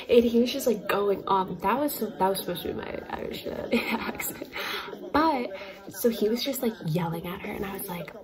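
A woman's voice: mid-range voice, normal speed, darkish tone. A young adult woman telling a travel story to the camera in a casual, chatty vlog, with lots of fillers and small laughs. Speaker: vlogger. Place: indoors, facetime-style talking to camera.

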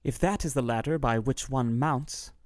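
A man's voice: medium pitch, moderate pace, a little mellow, no room sound, studio quality, close to an everyday voice. A man reading a lovestruck young prince's lines in a storybook, calling out eagerly. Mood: determined. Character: young king's son, bold, lovestruck.

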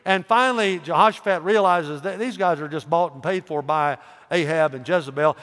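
A male pastor preaching a sermon, telling a story with animated voices and calling out questions to the congregation. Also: fairly high pitch, normal speed. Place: church. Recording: echoey church hall reverb.

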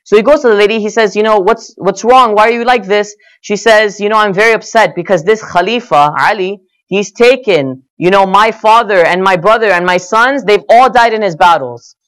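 A man's voice: high voice, moderate pace, hardly any pauses, fairly bright tone. A man giving a sermon, telling stories earnestly and voicing the quoted lines with rising and falling emphasis. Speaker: speaker at a religious gathering. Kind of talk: sermon storytelling.

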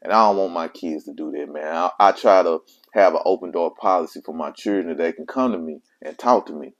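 A man's voice: low voice, a little fast, muffled recording. A man who is a father, telling his own life story in casual, slangy speech and repeating himself for emphasis. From Mississippi. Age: adult father of children.

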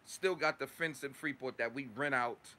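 A man's voice: medium pitch, normal speed, bright, forceful tone. A man from Long Island, a dog kennel owner ranting in a casual vlog, profane and heated, tagging lines with "right?". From Long Island, New York. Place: at work, outdoors.

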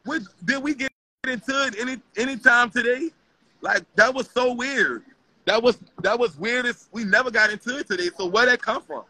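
A woman's voice: on the high side, normal speed, sharp tone, dry recording, rough recording. A woman delivering a heated, profane rant on a live stream, confrontational and repetitive. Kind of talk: heated social media rant.

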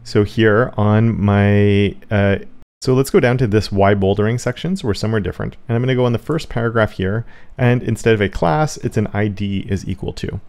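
A middle-aged man walks beginners through coding in a relaxed tutorial, explaining each step and fixing his own slips as he goes. His voice sits fairly low and has a gravelly fry at the ends of phrases. He speaks into a close desk microphone. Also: brisk. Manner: relaxed, explains step by step with small self-corrections. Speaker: web development instructor. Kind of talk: screen-share coding tutorial.

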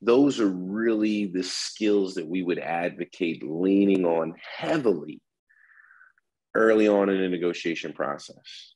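Low husky man explaining with animation. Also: measured pace, low-quality recording. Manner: animated, acts out example phrases with shifting inflection. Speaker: negotiation instructor. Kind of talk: explanatory interview answers.

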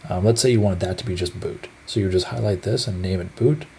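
Low-voiced man explaining at an easy pace. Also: fairly quick, gravelly, a little hiss or hum. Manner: relaxed, rambling, many fillers. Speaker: shop owner giving a tutorial. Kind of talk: casual screen-recorded tutorial.

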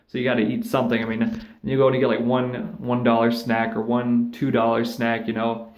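A man of ordinary pitch rants in a loose, rambling way, swearing often and slipping into sarcastic mock voices. The room around him is echoey and bare. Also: monotone, brisk, hardly any pauses. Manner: rambling, profane, sarcastic, with mocking put-on voices. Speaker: vlogger. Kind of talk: casual ranting monologue.

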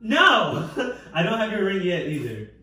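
A man vlogging a prank at home, chatting casually in slang with an animated, giggly manner. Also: unhurried, heavy reverb, far from the mic. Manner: animated, slangy, giggly, swings into high voices when quoting. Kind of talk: casual prank vlog chat. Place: home living room.

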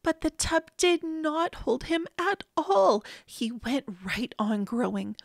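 A woman reading a children's picture book aloud in an expressive way. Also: sits high, gravelly, no room sound, studio quality. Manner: expressive, slow and lively. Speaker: storybook reader.

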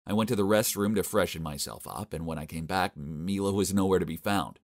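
Young male narrator, deep voice, exasperated and complaining, scripted animated-story read. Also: brisk.

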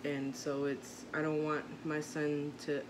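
Her voice is low and monotone, moving at a measured pace. She's a vlogging mom in her thirties chatting casually to the camera, heartfelt and rambling, often starting over, with plenty of noise behind her.

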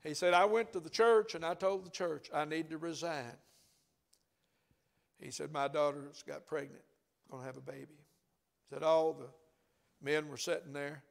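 Gravelly older preacher telling a story. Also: male voice, a little high, steady tone, moderate pace, pauses often. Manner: storytelling, folksy and conversational. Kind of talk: sermon. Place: church.

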